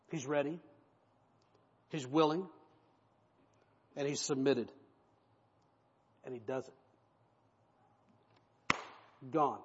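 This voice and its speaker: A male pastor preaching an expository sermon in an animated, conversational style, recorded in a church with an echoey hall and dull lo-fi sound. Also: fairly high pitch, slightly rough.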